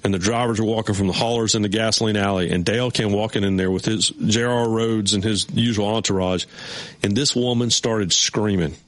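A middle-aged man hosting a sports radio show, telling a story in a chatty, animated way. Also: lowish voice, a little fast. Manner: animated, acts out voices in his stories. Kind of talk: casual storytelling.

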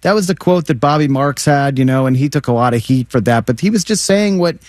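A man's voice: medium pitch, a little fast, a little mellow, no room sound, studio quality. A man co-hosting a casual sports talk show, rambling with frequent stammers and restarts, poking fun at himself.

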